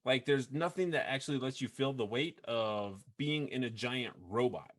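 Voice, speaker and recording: A man hosting a video game podcast in casual chat, rambling with frequent restarts and quick laughs. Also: mid-range voice. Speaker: podcast host.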